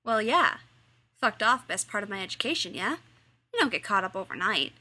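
A woman's voice: medium pitch, very animated, normal speed, pushed and bright, slightly rough, full character voice. A woman reading the lines of a cocky, scheming young male wizard student with a smug, lazy drawl.

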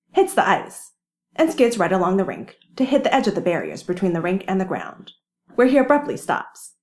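A woman reading a fan story aloud with lively, wry storytelling. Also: mid-range voice. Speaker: reader. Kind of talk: fan fiction narration.

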